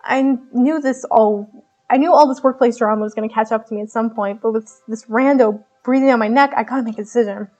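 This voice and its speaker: A woman streams herself reading a visual novel aloud, narrating playfully and giggling at her own stumbles. Her voice sits high. Faint music plays behind her. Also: a little fast, darkish tone, highs cut off. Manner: giggly, playful, self-mocking.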